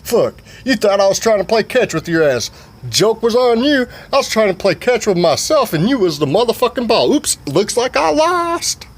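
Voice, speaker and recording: Guy putting on a shouty squeaky redneck daddy, mean old grump, little hiss behind. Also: sing-song, moderate pace, heavily acted. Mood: angry. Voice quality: loud, high, cursing.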